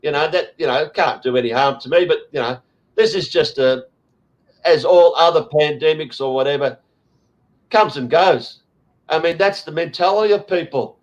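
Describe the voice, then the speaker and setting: A man's voice: a little high, normal speed, low-quality recording. An Australian man hosting a casual chat, ranting bluntly with lots of swearing and fillers. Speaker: host.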